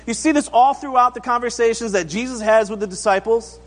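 Man, pastor; high voice, casual sermon, acts out voices and quotes, asks the room questions; long reverb of a hall. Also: brisk, few pauses, a bit bright. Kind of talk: conversational sermon.

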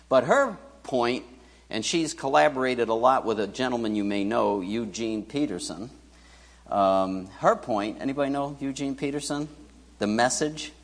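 A man preaching a sermon as pastor, chatty and joking, putting questions to the congregation. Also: mid-range voice. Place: church hall. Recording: church hall reverb.

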